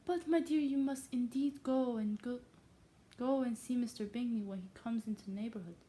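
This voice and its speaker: Woman putting on a shrill, eager Mrs Bennet. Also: moderate pace, dark tone, lightly acted. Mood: insistent. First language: not English. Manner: eager, insistent, pitched up. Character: excitable gossiping middle-aged mother, pushy.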